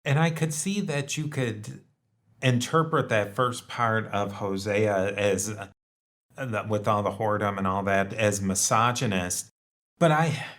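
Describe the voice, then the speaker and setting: A man hosting a podcast, chatting casually and haltingly, with many fillers and restarts. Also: mid-range voice, fairly bright tone. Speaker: podcast host. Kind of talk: casual conversational discussion.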